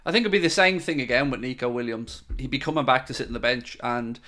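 A man's voice: medium pitch, fast talker, bright, forceful tone. Chatty Irish man answering his viewers. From Ireland. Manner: chatty and frank, calls viewers mate. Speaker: host of a football fan channel. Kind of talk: live-stream chat answering viewer questions.

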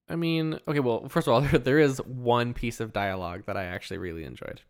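A man's voice: mid-range voice, a little fast, clear, resonant tone. A man co-hosting a podcast, laid-back and wry, mostly agreeing in short replies about a movie. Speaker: podcast co-host. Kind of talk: casual movie review chat.

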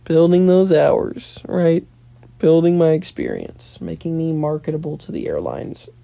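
Young solo podcaster spinning a loose, profane anecdote, with a warm low tone and a dry booth sound. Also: very animated, unhurried, vocal fry, no room sound. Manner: rambling, profane, filler "blah, blah, blah". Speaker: podcast host and pilot in training. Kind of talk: casual solo storytelling monologue.

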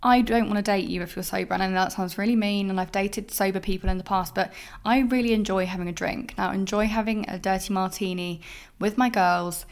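A young woman hosting a casual solo podcast, talking candidly in a rambling way full of "like" from her flat. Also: medium pitch, fairly quick. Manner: candid, rambling, heavy use of "like". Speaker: podcast host.

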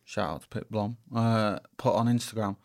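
Low-voiced, hesitant man telling a story. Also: steady tone, moderate pace, a little mellow. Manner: hesitant, filler-heavy storytelling. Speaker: band member and radio co-host. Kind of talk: casual radio chat.

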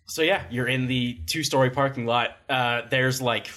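A man's voice: mid-range voice, fairly even intonation, a bit bright. A man running a tabletop role-playing game as game master, narrating scenes in a casual, joking way. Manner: casual, laughing, quick asides.

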